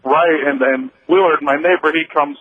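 A man from Missouri calling in to a radio show, telling a personal story in a halting way, with many fillers and restarts. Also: fairly high pitch, steady tone, no echo. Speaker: radio caller. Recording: tinny phone line.

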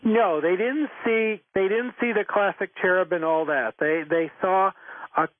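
A man being interviewed about his book, telling stories in a gentle, reflective way. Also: sits high, unhurried, no echo. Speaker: author and interviewee. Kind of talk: interview storytelling. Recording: tinny phone line, dry.

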